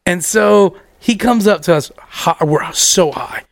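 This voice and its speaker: A young man spins a wild story in casual talk, his voice high and gravelly with plenty of fry. He swears freely and laughs as he goes, and the sound is dry and close, with no room echo. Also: takes it slowly. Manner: animated, profane, laughs through the story. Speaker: podcast co-host telling a story.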